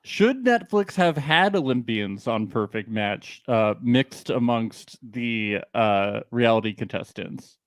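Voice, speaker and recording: A man's voice: mid-range voice, animated, takes it slowly, few pauses, no room sound, studio quality. A man co-hosting a casual show recap podcast, jokey and laughing often. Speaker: podcast co-host.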